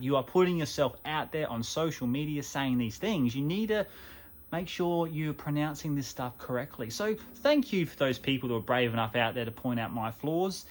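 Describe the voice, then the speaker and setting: A man's voice: fairly high pitch, animated, normal speed. An Australian man with a chatty, self-mocking manner, talking casually to camera as host of a gaming channel.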